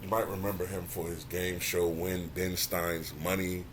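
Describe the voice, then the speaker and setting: A man hosting his own channel, giving casual commentary that runs from flat and low-key to animated and exasperated. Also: moderate pace, background noise. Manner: animated, rising to exasperated near-shouting; says he can sound monotone at times. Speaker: channel host.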